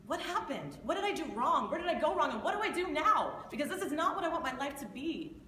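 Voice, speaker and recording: A woman's voice: on the high side, animated, normal speed, pushed and bright, slight background noise. A woman playing a despairing thirty-year-old waitress, pleading and tearful in a stage monologue. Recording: echoey hall from far off.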